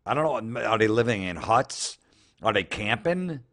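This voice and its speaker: A man with a lowish voice rants through social media posts in comedic commentary. He is sarcastic and openly incredulous, and he swears freely as he mocks each line. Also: lively intonation, moderate pace, fairly bright tone. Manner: sarcastic, incredulous, profane ranting. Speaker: comedian host.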